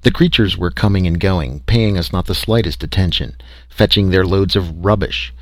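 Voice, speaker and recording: Wry, low-voiced male storyteller. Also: normal speed, dry recording. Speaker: audiobook narrator. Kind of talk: first-person story reading.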